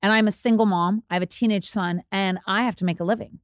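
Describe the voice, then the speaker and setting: A woman, a DJ telling candid, self-deprecating stories as an interview guest and jumping her pitch to act out quotes. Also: fairly even intonation, quick pace, no echo, clean studio sound. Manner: chatty, self-deprecating, acts out quotes with big pitch jumps.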